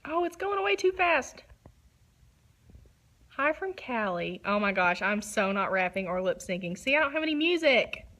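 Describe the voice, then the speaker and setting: Bubbly, chatty woman hosting a livestream; high-ish, bright voice. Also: big pitch swings, normal speed. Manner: bubbly, giggly and chatty, self-described nervous. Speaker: photographer hosting a live online talk. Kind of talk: casual livestream talk. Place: her photo studio, facing a window.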